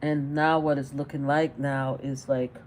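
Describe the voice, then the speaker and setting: A middle-aged woman hosts a casual reaction livestream, chatting and firing off exasperated rhetorical questions again and again. She has a bass voice with a level, darkish tone and a measured pace, and a slight hiss or hum can be heard.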